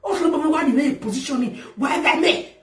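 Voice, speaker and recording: Loud ranting Nigerian woman, high voice. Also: a little fast. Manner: loud, laughing, shouting tirade. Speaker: talk show host. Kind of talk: ranting monologue. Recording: echoey, far from the mic.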